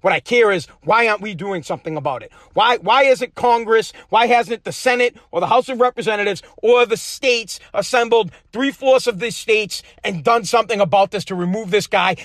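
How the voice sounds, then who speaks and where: A man hosting his own podcast from a home basement, delivering an angry, profane political rant that swings between shouting and muttering. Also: high-pitched, no echo. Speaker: podcast host.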